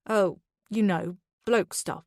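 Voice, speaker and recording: A woman's voice: mid-range voice, slow pace, a little mellow, dry recording, studio quality. A woman narrator voicing an irritated, evasive husband who talks in a dismissive, hissing way.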